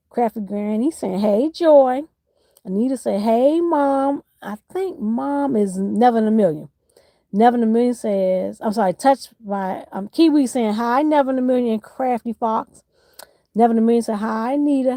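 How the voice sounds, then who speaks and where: A chatty woman hosts her own live stream, greeting viewers by name and reading their comments out loud. Her voice sits a little high, rising into excited greetings. The sound is dry and close to the mic. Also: no room sound. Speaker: livestream host. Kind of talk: casual livestream chat reading comments.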